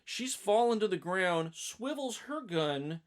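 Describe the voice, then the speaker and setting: A man co-hosting a podcast, casually recapping a film in a rambling, animated way with lots of fillers. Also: high voice, takes it slowly. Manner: rambling, animated storytelling with many fillers and acted-out quotes. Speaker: podcast co-host.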